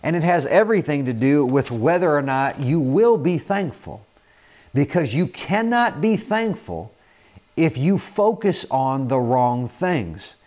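A man preaching a sermon in an earnest manner, often repeating words and filling pauses with "uh". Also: a little high, sing-song, darkish tone.

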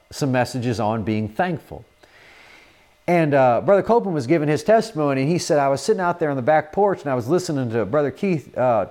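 A man preaching a sermon in an earnest manner, often repeating words and filling pauses with "uh". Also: medium pitch, darkish tone.

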